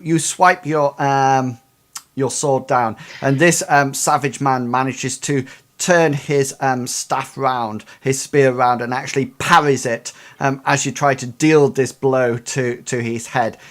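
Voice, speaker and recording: A man's voice: mid-range voice, steady tone, measured pace. A man narrating as game master of a tabletop role-playing game, explaining rules and describing combat with many hesitant fillers.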